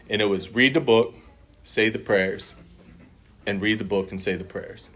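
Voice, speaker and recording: A man's voice: on the low side, steady tone, normal speed, a bit bright. A man speaking at a recovery meeting, sharing his personal testimony in a blunt, profane, storytelling way and acting out other people's lines.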